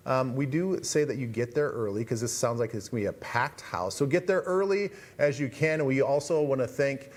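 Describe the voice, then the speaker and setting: A man's voice: mid-range voice, fairly quick, hardly any pauses. A man co-hosting a television talk show, telling stories in a casual, self-deprecating way. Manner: animated storyteller, self-deprecating. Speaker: TV show co-host. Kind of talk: casual studio chat. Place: TV studio.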